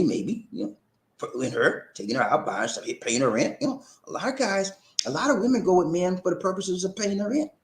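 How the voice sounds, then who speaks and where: A man hosting a casual livestream and reading out viewer comments, talking in a preachy, animated way and often breaking into laughter and repeated phrases. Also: medium pitch, roomy sound.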